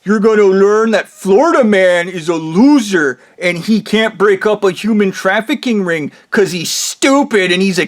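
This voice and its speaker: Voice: medium pitch, voice pushed up, natural voice. A man putting on the voice of a taunting, gloating villain, mocking and cackling.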